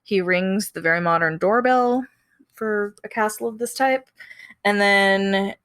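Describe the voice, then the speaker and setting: A woman co-hosting a casual podcast, slowly recapping a movie scene. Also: mid-range voice, a bit bright, clear, resonant tone, no echo, studio quality. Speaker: podcast co-host.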